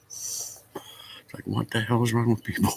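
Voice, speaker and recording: A man's voice: mid-range voice, flat delivery, moderate pace, vocal fry, breathy edge, no echo. A man chatting casually with viewers of his stream, laughing often and swearing casually. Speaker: livestream host chatting with viewers. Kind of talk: casual chat.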